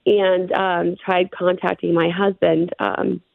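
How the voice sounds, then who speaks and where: Middle-aged female guest telling her story earnestly; slight fry, dry phone-line audio. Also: fairly low pitch, flat delivery, no room sound. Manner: earnest, rushed storytelling with fillers. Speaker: interview guest. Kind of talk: recounting a personal ordeal.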